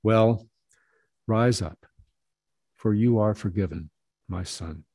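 A man voicing a calm, kindly spiritual master who speaks gently and in measured words. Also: lowish voice, dry recording, clean studio sound. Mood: gentle. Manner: gentle, soft-spoken, measured.

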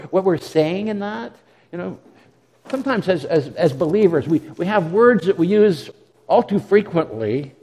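In a long, reverberant hall, a male pastor delivers an earnest sermon in a slightly high voice with a darkish tone. He tends to repeat words as he starts over and adds dramatic asides in quoted form.

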